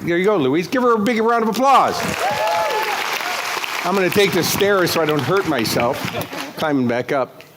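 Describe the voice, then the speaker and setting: A man giving a live motivational keynote speech on a conference stage, energetic and joking, with crude asides. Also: high voice, normal speed, long pauses, over a noisy crowd, very noisy. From United States. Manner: energetic, jokey, crude asides, acts out characters. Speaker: motivational speaker.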